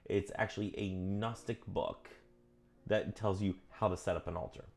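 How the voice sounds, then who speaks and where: Earnest rambling man with a low voice. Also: normal speed, creaky. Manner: earnest, self-correcting, goes off on tangents; animated, pitch jumps up when emphatic. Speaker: vlogger reading and commenting on a witchcraft book. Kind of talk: casual rambling vlog commentary.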